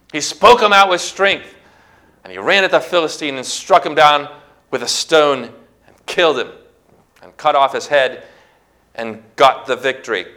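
Bright-voiced male preacher, forceful delivery. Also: fairly high pitch. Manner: emphatic preaching, rising to near-shouts. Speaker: pastor. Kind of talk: sermon.

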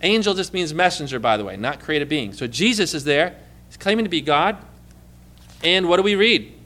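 Male preacher, high and bright, teaching a sermon with call-and-response questions. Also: animated, normal speed. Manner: asks the congregation questions and prompts answers; reads scripture aloud with emphatic stress.

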